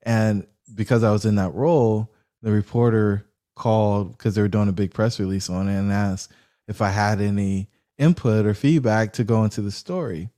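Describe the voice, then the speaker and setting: Male guest, storyteller, warm low tone, acts out dialogue. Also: moderate pace. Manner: animated storyteller acting out quoted dialogue. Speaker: real estate investor guest. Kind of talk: storytelling in a podcast interview.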